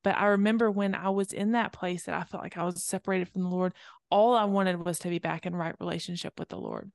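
A woman's voice: lowish voice, steady tone, quick pace, gravelly, dry recording. Co-host, woman in her thirties, earnest and reflective, dry close recording. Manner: earnest, reflective storytelling with fillers. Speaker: podcast co-host. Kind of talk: casual faith conversation.

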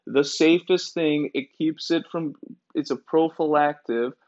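A man's voice: a little high, a little slow, a little mellow. A man hosting a podcast, ranting in a sarcastic, profane, rambling way full of fillers. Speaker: podcast host. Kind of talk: casual ranting monologue. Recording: dull lo-fi recording.

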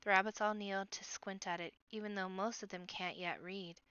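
A woman reading a children's book aloud, lively and expressive. Her voice is smooth and clear, dry and close, with a slightly muffled sound. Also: mid-range voice, moderate pace, no echo.

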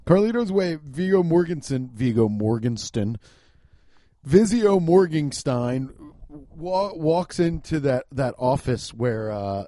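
A man's voice: fairly high pitch, slow pace, no echo, clean studio sound. A man hosting a podcast, riffing in a comedic rant, swearing often and laughing as he talks. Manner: profane, laughing, animated riffing. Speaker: podcast host.

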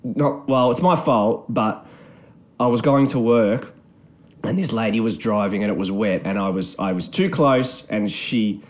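A man co-hosting a casual podcast, telling stories with lots of swearing and mimicking people. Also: a little slow. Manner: animated storytelling, swearing, mimics others in high voices. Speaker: podcast co-host.

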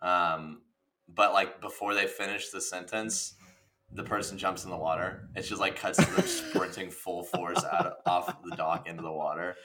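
A man's voice: animated, moderate pace, sharp tone. A young man co-hosting a podcast, chatting casually and jumping into playful voices to tell stories. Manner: playful, jumps into shrill voices when acting out stories. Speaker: podcast co-host. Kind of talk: casual chat.

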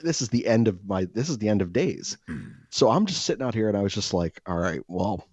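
A man telling a self-mocking comic story in casual chat, animated and swearing freely. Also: lowish voice, a little fast, breathy edge, no room sound, muffled recording.

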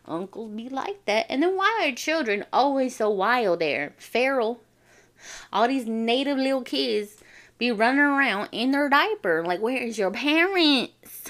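A woman's voice: on the high side, animated, measured pace, fairly bright tone. A young adult woman from a Navajo reservation, telling a personal story in casual, slangy speech and swearing freely. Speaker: vlogger.

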